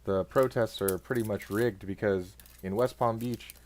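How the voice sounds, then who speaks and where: A man's voice: fairly low pitch, fairly even intonation, normal speed, a little mellow. A man telling a rambling story in casual chat, full of fillers and restarts.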